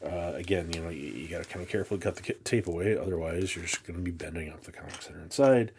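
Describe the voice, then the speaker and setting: A man's voice: sits low, background noise. A man chatting casually as he unpacks a comic shipment, rambling and restarting his sentences, exasperated and poking fun at himself. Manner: rambling, halting, many restarts; exasperated, self-mocking. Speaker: comic collector vlogger. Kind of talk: casual unboxing chat.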